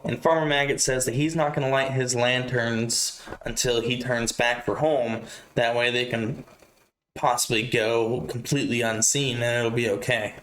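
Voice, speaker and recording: A man casually retelling a novel in his own words, relaxed and chatty with asides to listeners. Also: mid-range voice, moderate pace, reverberant. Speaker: reader and narrator.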